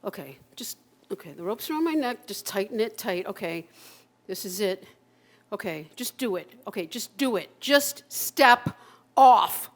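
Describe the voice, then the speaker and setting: A woman in her sixties performing an autobiographical one-person stage monologue, raw and emotional, with halting repetitions and bursts of swearing. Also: medium pitch, expressive. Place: live performance at a community center.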